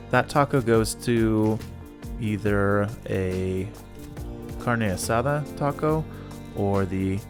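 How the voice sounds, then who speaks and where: A man hosting a casual cooking video, chatting enthusiastically as he cooks and tastes the food. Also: lowish voice. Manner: chatty and enthusiastic, talks while cooking and tasting. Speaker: cooking channel host.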